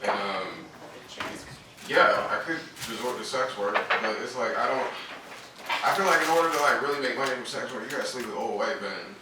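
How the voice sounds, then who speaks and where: A man in his thirties doing a stand-up comedy set on a club stage, with punchy, animated and crude delivery. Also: medium pitch, brisk. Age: 30s. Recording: noisy distant club recording with loud hall echo. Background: audience laughter.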